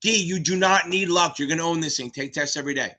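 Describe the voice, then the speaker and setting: A man in his fifties hosting a live exam Q&A stream, talking fast, cursing and rambling. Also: a little high, bright, forceful tone. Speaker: exam tutor, stream host.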